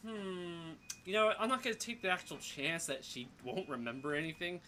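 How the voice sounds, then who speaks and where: A man's voice: sits high, fairly quick, few pauses, a little hiss or hum. A young man streaming a story game, thinking aloud as he reads and picks choices. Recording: soft game music behind.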